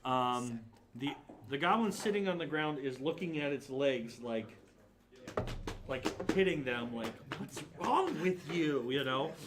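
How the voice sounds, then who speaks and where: A man's voice: medium pitch, a little slow, over music. A man narrating as dungeon master in casual tabletop play, rambling and hesitant with many fillers.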